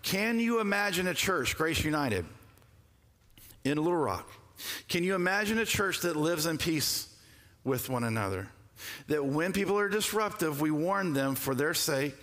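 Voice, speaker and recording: Male pastor, slightly high voice, chatty sermon delivery, church-hall reverb. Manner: conversational, animated storytelling with quick asides. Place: church sanctuary.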